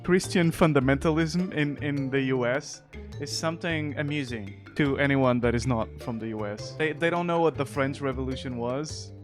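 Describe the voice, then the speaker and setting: A man's voice: mid-range voice, moderate pace, music in the background. A man whose first language is Portuguese, reading news aloud and commenting on it in a sarcastic, jokey way and laughing often. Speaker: streamer.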